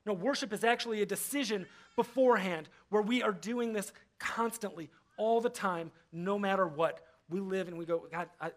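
A man's voice: sits high, a bit bright. A man pastor giving a casual, conversational sermon, often acting out the voices he quotes. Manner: conversational, acts out quoted voices, frequent fillers. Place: church.

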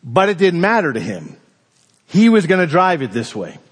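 A man preaching a sermon, telling a personal story in an animated, conversational way. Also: on the high side, normal speed, slightly rough, in a large hall. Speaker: pastor.

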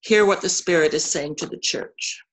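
A woman reading scripture aloud slowly and carefully, with small slips. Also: on the low side, fairly bright tone. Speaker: scripture reader.

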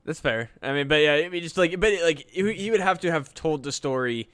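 A man co-hosting a podcast, chatting in a halting, casual way. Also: on the high side, lively intonation, a bit bright, clear, resonant tone, dry recording, studio quality. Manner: chatty, halting, laughs mid-thought. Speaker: podcast co-host. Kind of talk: casual chat.

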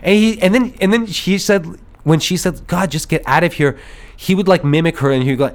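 A man whose voice sits high talks at normal speed while hosting a podcast. He spins a casual, rambling story, animatedly acting out others' voices and laughing along the way.

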